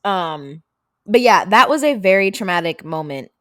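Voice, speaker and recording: A woman of about eighteen from Seattle, co-hosting a podcast and telling a story in casual, profane, animated chat. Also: medium pitch, moderate pace, no echo, studio quality. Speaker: podcast co-host, daughter.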